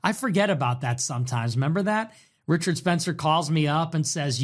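A man hosting a livestream, reacting to chat messages in a sarcastic, mocking way with quick swings in tone. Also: a little high. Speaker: livestream host.

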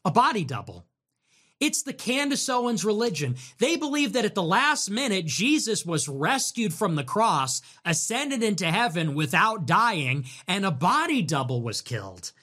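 Animated, high-voiced man ranting on stream. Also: normal speed. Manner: animated, sarcastic, mocking. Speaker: livestream host. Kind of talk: livestream commentary rant.

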